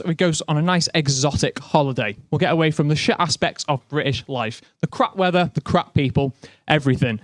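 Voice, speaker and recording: Young scouse guy doing standup, talks loose and self-deprecating, pretty high voice. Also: no room sound. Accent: Liverpool. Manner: chatty, self-mocking, lots of "like" and "but no". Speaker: stand-up comedian. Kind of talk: stand-up comedy set.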